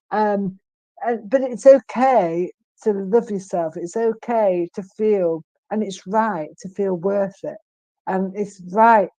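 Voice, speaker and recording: A woman in her fifties, a guest in an interview, speaking earnestly and emphatically with frequent pauses and restarts. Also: mid-range voice, mellow, no room sound. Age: 50s. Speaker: guest, stroke survivor. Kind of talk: candid interview conversation.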